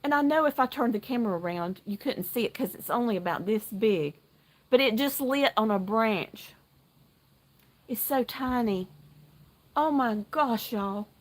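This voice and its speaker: A middle-aged woman from North Carolina hosts a casual livestream from her outdoor deck. She is chatty and excitable, and she greets her viewers one by one by name. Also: a little high, measured pace. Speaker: livestream host. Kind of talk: casual live chat while knitting.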